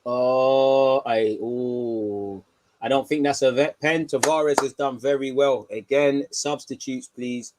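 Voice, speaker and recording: A young man hosting a live football watchalong, talking in slang and swinging from low muttering to excited shouts. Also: normal speed, few pauses, a little hiss or hum. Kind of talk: live match reaction commentary.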